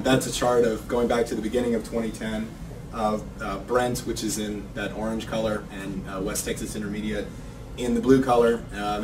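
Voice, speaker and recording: A man giving an unscripted talk at a conference, loose and full of ums and uhs. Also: fairly low pitch. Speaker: energy market analyst presenter. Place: conference room. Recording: roomy, distant, faint noise.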